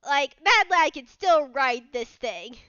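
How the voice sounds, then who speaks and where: A woman's voice: high voice, lively intonation, takes it slowly, sharp tone, dry recording. A woman running a tabletop game as game master, narrating in a rambling way full of restarts. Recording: dull lo-fi sound, dry.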